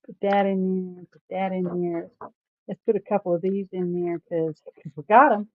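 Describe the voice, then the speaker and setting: A woman hosting a casual crafting livestream, chatty and folksy and quick to laugh. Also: fairly low pitch, fairly even intonation, no room sound. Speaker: livestream host. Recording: tinny phone-like sound, dry.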